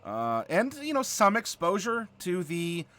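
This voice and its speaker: A male host chats casually with a slight Southern drawl, playful and full of laughter. His voice is bright and a touch high, and his pitch jumps around with real animation. He keeps the talk loose and friendly. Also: wildly swooping pitch, unhurried, no echo. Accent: slight Southern American. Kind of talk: casual chat.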